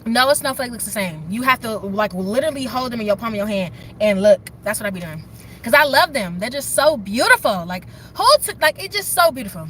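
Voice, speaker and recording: A young woman chatting excitedly and rambling on a phone livestream, standing outdoors in the snow by her car and talking straight to her viewers. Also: a little high, brisk, a little hiss or hum. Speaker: livestream host. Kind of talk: casual livestream chat.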